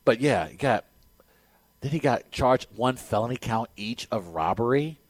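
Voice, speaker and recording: An animated man co-hosts a sports talk show and punches out his opinions with emphasis. His voice sits at a middle pitch, recorded close and dry in the studio. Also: moderate pace, dry recording. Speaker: sports radio co-host.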